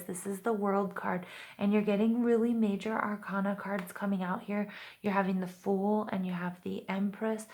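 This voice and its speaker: A woman's voice: mid-range voice, a little mellow, slight background noise. A woman giving a casual, reassuring tarot reading to her viewers, talking in a chatty way full of "you know" and "like". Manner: chatty, upbeat, many fillers like "you know" and "like"; reassuring, addresses viewers directly. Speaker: tarot reader.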